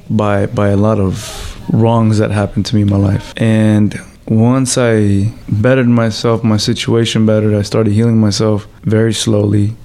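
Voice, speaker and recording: A professional fighter telling stories in a casual interview, loose and full of swearing, with fillers like "you know" and "like.". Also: male voice, fairly low pitch, mellow.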